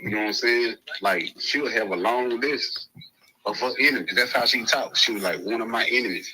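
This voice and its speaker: A man's voice: medium pitch, moderate pace, noisy background. A man, telling a story in a rambling, casual way, with lots of "you know what I'm saying" fillers. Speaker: panel guest.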